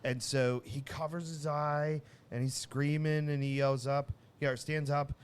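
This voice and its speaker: A man co-hosting a casual podcast, telling a long family story with many restarts and lively acted-out bits. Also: on the high side, measured pace, clean tone. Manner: rambling, restarts often, animated when telling a story. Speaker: podcast co-host.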